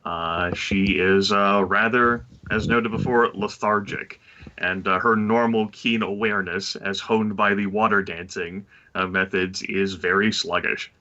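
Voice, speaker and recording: A man describing his character's actions as a player in a tabletop role-play, halting and full of fillers. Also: fairly low pitch, fairly even intonation, pushed and bright, muffled recording.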